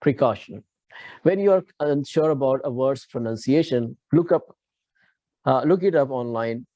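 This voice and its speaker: Man, Indian English accent, pronunciation teacher, online class, mellow voice, dry sound. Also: mid-range voice, expressive, no room sound, highs cut off. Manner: explains slowly with frequent restarts, checks understanding with students. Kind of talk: live online class lecture.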